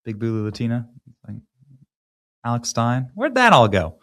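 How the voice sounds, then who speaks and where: Male host from Iowa, sarcastic commentator, lively and animated delivery. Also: mid-range voice, unhurried. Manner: animated and sarcastic, with loose conversational restarts. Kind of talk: mocking political commentary.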